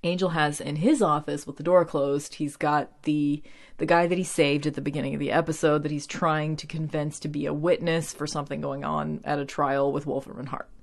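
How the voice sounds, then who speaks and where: A woman in her late thirties from the Midwest, chatting casually about a TV show in a rambling way, full of "like" and quick giggles. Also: deep voice, flat delivery, creaky. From American Midwest. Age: 30s. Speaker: TV show recapper. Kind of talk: casual chat.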